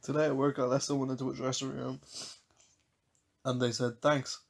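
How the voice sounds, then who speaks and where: A woman's voice: rumbling low, flat delivery, moderate pace, gravelly, slight background noise. A woman in her twenties with an Irish accent, co-hosting a podcast, reading anecdotes and telling stories in casual chat, giggling often. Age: 20s. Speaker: podcast co-host.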